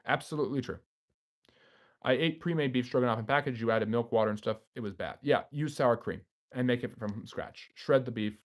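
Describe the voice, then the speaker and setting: A man's voice: medium pitch, fairly quick. A man hosting a history channel's live stream, reading viewer comments aloud and answering them off the cuff.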